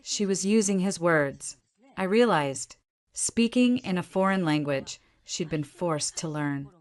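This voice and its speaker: A woman narrating a first-person story and voicing her own lines, with a measured, even delivery. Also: lowish voice.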